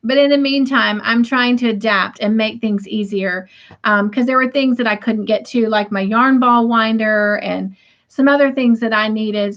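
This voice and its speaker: A woman's voice: a little high, a bit bright. A middle-aged woman, hosting a casual livestream from home, chatty and laughing often as she reads viewer comments aloud. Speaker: livestream host. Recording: dull lo-fi stream audio.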